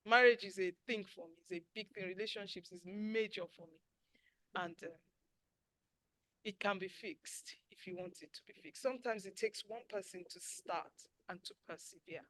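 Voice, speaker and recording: A woman's voice: medium pitch, normal speed, a bit bright, dry recording, low-quality recording. A woman in her sixties hosting a webinar, giving an emphatic motivational talk over a video call. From Nigeria. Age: 60s. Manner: preachy, emphatic, drops to near whisper at times. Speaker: webinar host and life coach.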